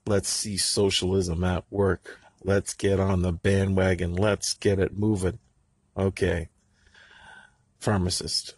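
A middle-aged man with a husky voice, ranting angrily and sarcastically with plenty of profanity in a podcast monologue. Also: sits low, fairly even intonation, measured pace, no room sound.

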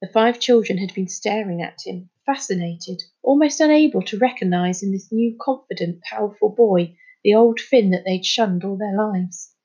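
A woman's voice: mid-range voice, normal speed, breathy edge, dull audio. Woman reading a children's story. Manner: expressive, storytelling. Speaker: storybook reader. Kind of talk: reading a children's novel aloud.

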